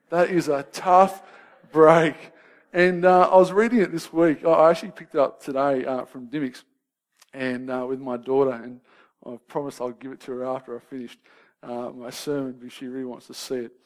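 A man's voice: medium pitch, brisk. A man, preaching a sermon in a conversational way and often checking in with his listeners. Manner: shifts from lively banter to soft, grave questions.

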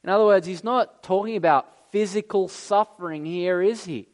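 A man preaching a sermon, slow and emphatic, rising in pitch and volume for dramatic lines. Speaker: pastor.

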